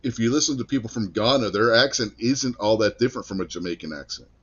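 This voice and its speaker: A man's voice: on the low side, fast, breathy edge, lo-fi sound. Man telling stories in a casual chat. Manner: animated storyteller, acts out quotes. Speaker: podcast co-host.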